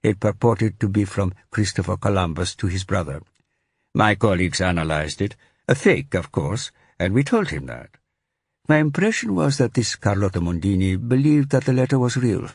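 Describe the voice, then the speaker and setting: Man doing a soft-spoken Italian librarian. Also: lowish voice, big pitch swings, moderate pace, dry recording, studio quality, pitched above the performer's own voice, exaggerated voice. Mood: measured. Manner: soft, clear and precise. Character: precise older male head librarian. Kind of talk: audiobook character voice.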